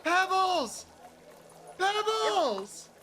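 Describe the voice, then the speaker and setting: A man voicing a sniffling young boy who has just found his lost cat, talking eagerly in a high voice. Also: very animated, very slow, noisy background, heavily acted. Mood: overjoyed. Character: sniffling grateful little boy.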